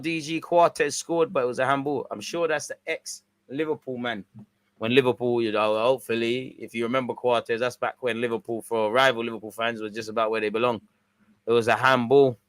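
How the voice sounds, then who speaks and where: A young man giving casual, slangy live football commentary, swinging between excited outbursts and low mutters. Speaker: watch-along streamer.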